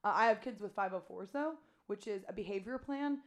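A woman's voice: mid-range voice, a little fast. A young adult woman, a teacher co-hosting a podcast, chatting casually and acting out quoted thoughts as she talks. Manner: animated, talks through her thoughts with quoted asides. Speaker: podcast co-host, classroom teacher. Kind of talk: casual chat.

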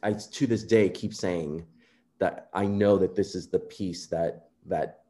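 Low, mellow-voiced man telling stories. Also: measured pace. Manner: earnest, animated storyteller who acts out quotes. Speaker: composer guest. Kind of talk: conversational interview storytelling.

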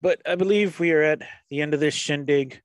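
A young man co-hosting a casual racing podcast, dry and joking, often letting his voice drop quietly at the ends of sentences. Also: on the high side, a little fast. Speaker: podcast co-host. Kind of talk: casual sports chat.

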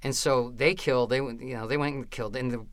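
Bright, lively male comic telling stories. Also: medium pitch, fast talker, no room sound. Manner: animated, rambling anecdotes with frequent "right?" and "you know". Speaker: stand-up comedian and former comedy booker. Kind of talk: casual storytelling in an interview.

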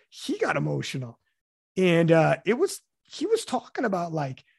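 Casting: male podcast host, slightly high voice, dry close sound, loose rambling delivery with casual swearing. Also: husky, no room sound. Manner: rambling, swears, many restarts and fillers.

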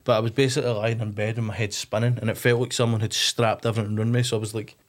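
Fast-talking Scottish man, rambling. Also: on the low side, flat delivery. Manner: rambling with frequent restarts and swearing. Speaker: podcast guest. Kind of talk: candid casual chat.

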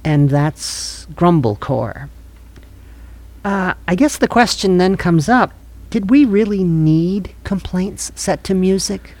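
A man's voice: sits high, animated, takes it slowly, a little mellow. A man presenting a comedic mock news show and interviewing guests. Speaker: news anchor.

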